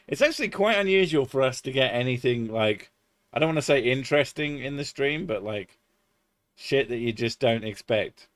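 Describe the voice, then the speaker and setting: A man's voice: mid-range voice, expressive, normal speed, dry recording. A man chatting casually on a live stream, swearing freely and laughing often.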